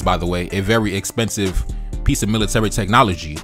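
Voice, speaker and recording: A man reading a news article aloud and reacting to it with animated, profane commentary. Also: sits low, quick pace, faint music behind. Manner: animated, profane, acts out quoted voices. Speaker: political commentator.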